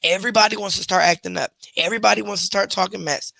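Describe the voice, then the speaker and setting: A woman's voice: medium pitch, racing, gravelly, sharp tone. A woman hosting a casual live chat from her bedroom at home, stopping often to scold and coo at her puppies. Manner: chatty, scolding her puppies mid-talk. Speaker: live stream host. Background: puppies moving about.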